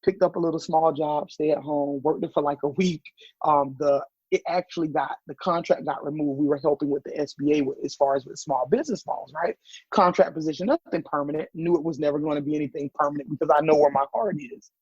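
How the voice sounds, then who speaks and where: Southern man in his guest seat, husky and pitched a bit high, tells lively stories and acts out the voices in them. Dull, muffled podcast sound. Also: fast talker, no room sound. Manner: animated storyteller acting out quoted voices. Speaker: podcast guest, business owner. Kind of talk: casual interview chat.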